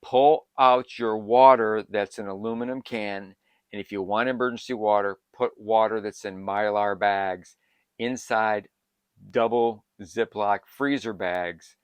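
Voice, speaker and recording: An older man giving excitable, rambling preparedness advice to his viewers, jumping from topic to topic. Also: fairly low pitch, unhurried, clean tone, no room sound. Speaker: prepping channel host. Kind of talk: casual advice to camera.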